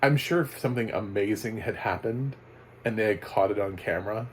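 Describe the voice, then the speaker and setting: A man with a fairly low voice chats through a casual video review of a film. He rambles, restarts his sentences and chuckles between his thoughts. Faint noise sits under the recording. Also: brisk, poor audio. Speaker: movie reviewer.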